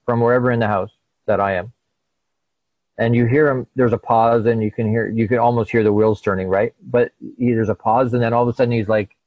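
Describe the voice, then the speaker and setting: Briskly and at a fairly low pitch, a middle-aged guest recounts something that happened to him, performing the dialogue of each person with animation. The audio has no echo but sounds narrow and tinny.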